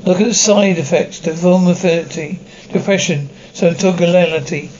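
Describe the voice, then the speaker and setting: A man's voice: high-pitched, steady tone, brisk, darkish tone, lo-fi sound, natural voice. An actor playing a bitter, obsessive male mad scientist who lectures pompously and pities himself. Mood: defensive. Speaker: doctor.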